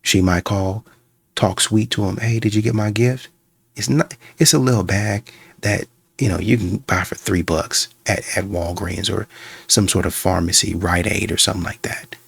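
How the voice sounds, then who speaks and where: Gravelly low-voiced man reacting to clips. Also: moderate pace, no echo. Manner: animated storytelling with voiced asides. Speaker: reaction channel host. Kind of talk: casual commentary on a clip.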